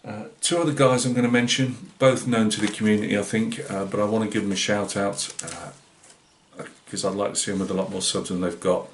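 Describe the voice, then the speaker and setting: Northeast English man, hobby channel host, chatty and halting, low voice, roomy echo. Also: fairly even intonation, slight background noise. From Britain. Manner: rambling and hesitant, many fillers and restarts. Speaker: scale-modelling channel host. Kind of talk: casual vlog chat. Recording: roomy echoey room.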